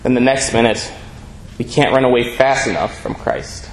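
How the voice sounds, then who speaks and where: A man preaching a sermon in an earnest, measured way, reading scripture aloud between his points. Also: mid-range voice, animated. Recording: echoey room with faint ambient noise.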